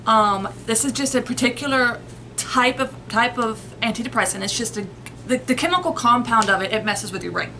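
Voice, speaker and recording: Explaining sleep and nightmares, a woman host rambles casually to her audience, restarting sentences and grabbing everyday analogies. Her voice is on the high side, pushed and bright, a little fast. The poor recording carries slight background noise.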